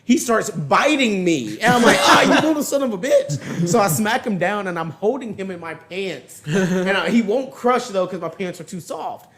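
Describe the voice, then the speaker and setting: A man's voice: sits high, animated, moderate pace, hardly any pauses, fairly bright tone. Rambling, profane man on a podcast. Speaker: podcast host. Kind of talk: casual storytelling chat.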